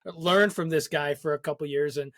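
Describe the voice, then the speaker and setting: A man's voice: fairly high pitch, moderate pace, a bit bright, no room sound. A young adult man hosting a casual interview, laughing often as he reminisces with an old mentor. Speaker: podcast host.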